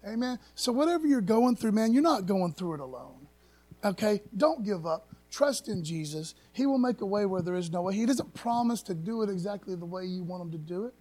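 A man's voice: high-pitched, expressive, a little fast, darkish tone. A man pastor giving a casual conversational sermon, emphatic and folksy, often tagging sentences with "man" and searching for words aloud.

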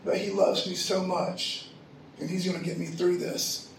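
A man's voice: high voice, little pitch movement, unhurried, vocal fry, a little hiss or hum. A middle-aged man preaching a sermon, telling a personal story in a loose, slangy, conversational way. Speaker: pastor. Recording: echoey room from far off.

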